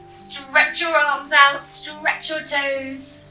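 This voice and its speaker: A woman leading a children's yoga class through a story, giving gentle, slow, clear instructions. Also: high voice, expressive. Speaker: kids yoga teacher. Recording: echoey room, mic at a distance, faint music.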